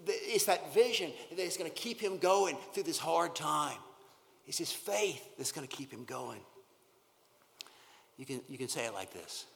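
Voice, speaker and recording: A man preaching a sermon, earnest and emphatic, often repeating words and dropping from loud stress to a near-whisper. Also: on the high side, lively intonation, unhurried, gravelly. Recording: long hall reverb.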